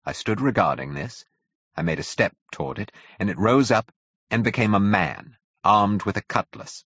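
A man reading a classic novel aloud as narrator, in measured, even storytelling. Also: on the low side, slightly rough, no echo. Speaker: audiobook narrator. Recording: dull, dry audio.

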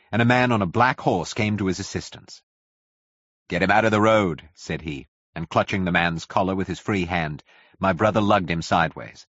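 A low, husky male voice reads a classic novel with lively, dramatic storytelling. His pitch rises and falls a lot, and the dry, somewhat dull recording has no room sound. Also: no echo. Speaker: audiobook narrator. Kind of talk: scripted narration of a classic novel.

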